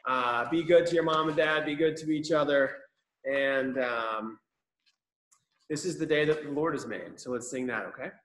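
A man's voice: medium pitch, moderate pace. Man telling a chapel story to kids. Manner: lively storytelling for kids, acts out quotes. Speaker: school chaplain. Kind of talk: children's chapel talk. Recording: roomy echo.

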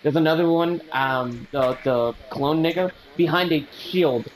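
A man's voice: a little high, unhurried, low-quality recording. A young man in casual, profane chat with friends while playing a shooter game, joking and calling out where the enemies are over a headset. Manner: joking, profane, calls out enemy positions. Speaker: gamer calling out plays.

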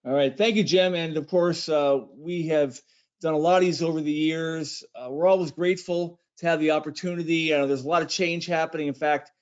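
A man's voice: fairly high pitch, steady tone, fairly quick. A man co-presenting a trade webinar in a loose, chatty way with many fillers. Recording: dull lo-fi audio.

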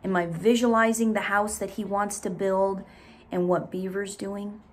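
A woman teacher recording a reading lesson, explaining things deliberately and reading a story aloud. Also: medium pitch, steady tone. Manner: slow, deliberate, instructive.

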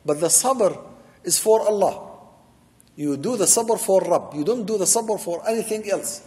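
Warm-voiced man preaching in a reverberant hall. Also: fairly high pitch. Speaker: sheikh teaching Quran commentary. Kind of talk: religious lecture explaining verses.

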